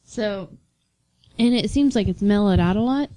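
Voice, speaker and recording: A young woman co-hosting a podcast in casual chat, chatty and quick to laugh as she tells stories. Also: medium pitch, warm tone, no echo. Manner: chatty, laughs often, storytelling. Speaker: podcast co-host.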